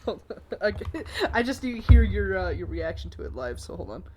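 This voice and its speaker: A woman's voice: medium pitch, big pitch swings, brisk, warm tone, a little hiss or hum. A young woman in casual chat, laughing a lot and exclaiming with plenty of swearing.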